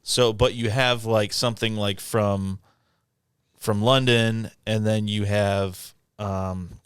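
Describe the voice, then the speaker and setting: A man co-hosting a casual podcast, rambling through his points and restarting often. His voice is low and smooth, recorded dry and close. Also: fairly even intonation, slow pace, dry recording. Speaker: podcast co-host. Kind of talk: casual chat.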